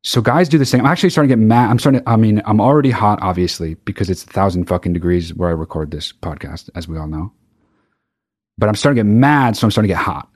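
A man's voice: fairly low pitch, quick pace. Man ranting heatedly on a solo podcast. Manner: heated, profane ranting with frequent restarts. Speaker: podcast host. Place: very hot recording space.

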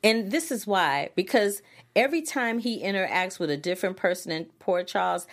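A woman's voice: mid-range voice, lively intonation, normal speed. A woman co-hosting a casual chat show, talking animatedly with frequent laughs and playful exclamations. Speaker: co-host.

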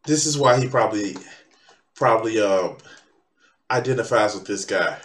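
A man's voice: lowish voice, moderate pace, fairly bright tone. Sarcastic ranting man in an echoey room. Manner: sarcastic, mocking, profane. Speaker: video reaction host. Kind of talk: casual reaction rant.

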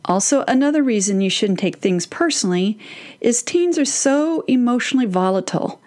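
A woman's voice: a little high, lively intonation, brisk, darkish tone. A woman in her fifties talking earnestly to other parents, explaining her advice through metaphors.

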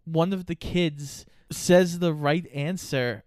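Male podcast co-host, relaxed plot recapper, clean dry voice. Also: a little high, takes it slowly, dry recording. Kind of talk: casual movie review chat.

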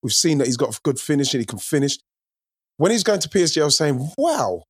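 A man's voice: fairly high pitch, expressive, quick pace, husky, dry recording, studio quality. A man co-hosting a football chat, talking animatedly and repeating himself as he builds a point. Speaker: football podcast co-host. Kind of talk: casual chat.

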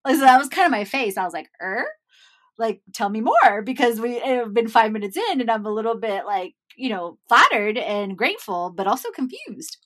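A woman's voice: a little high, brisk, hardly any pauses. A young adult woman talking casually to her viewers. She tells a personal story, says "like" often and laughs as she goes. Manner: animated, chatty, says "like" often, laughs while telling.

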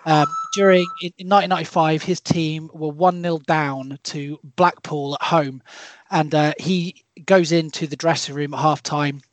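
Higher-voiced man, animated storyteller. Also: normal speed, no echo, poor audio. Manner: animated, relishing profanity in quotes. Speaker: podcast panelist. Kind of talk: casual podcast anecdote.

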